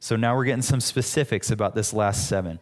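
A man's voice: fairly low pitch, fast talker, faint music behind. A man preaching a sermon as pastor, teaching in a conversational way with frequent restarts. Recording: long hall reverb.

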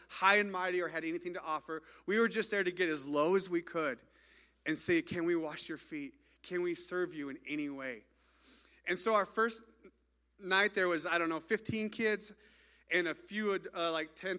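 A man's voice: sits high, pushed and bright. A man on a stage, telling a mission trip story in a chatty way, full of "like" and restarts. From United States. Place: stage in front of an audience.

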